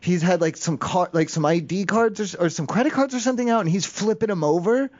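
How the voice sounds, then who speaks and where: A man's voice: high voice, fast talker, darkish tone. A man making a prank phone call, rambling through a long story with many fillers and restarts. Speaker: prank caller. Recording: muffled phone call audio.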